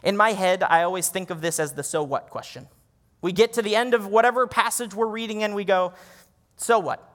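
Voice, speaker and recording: A man's voice: high-pitched, fairly quick, fairly bright tone, in a large hall. A male pastor preaching a sermon in a conversational, self-deprecating way. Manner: conversational, laughs at himself.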